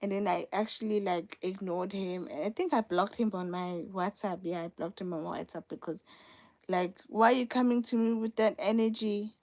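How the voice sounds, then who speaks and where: A woman's voice: medium pitch, fairly even intonation, normal speed, darkish tone. Young woman host, mid-range voice, chatty live-stream delivery with emphatic repeats. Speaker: livestream host. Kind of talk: casual live-stream chat.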